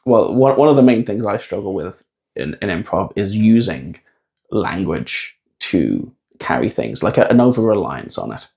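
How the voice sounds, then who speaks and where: A man with a lowish voice talks as a podcast guest, his intonation rising and falling in a lively way. He is wry and reflective and pauses now and then to find his words. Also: gravelly. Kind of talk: casual conversational podcast.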